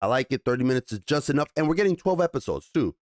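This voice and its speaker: Animated, foul-mouthed man reviewing a show. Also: medium pitch, racing, no room sound, clean studio sound. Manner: animated, swears often. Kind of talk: casual spoken review.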